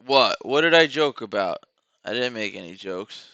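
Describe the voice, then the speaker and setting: A man's voice: medium pitch, animated, normal speed, creaky, pushed and bright, dry recording, highs cut off. A man hosting a live trading stream, rambling casually to his viewers while watching charts.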